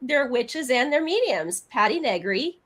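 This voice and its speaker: A woman's voice: high voice, very animated, a little slow. A woman who works as a psychic medium, speaking earnestly in casual podcast chat, full of fillers. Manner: chatty, filler-heavy, earnest. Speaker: psychic medium and paranormal investigator.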